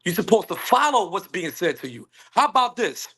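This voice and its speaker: Guy on a panel call, pretty high voice that jumps all over, emphatic. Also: brisk, slight background noise. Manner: animated, emphatic, acts out quoted women. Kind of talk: casual panel discussion. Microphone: phone on a call.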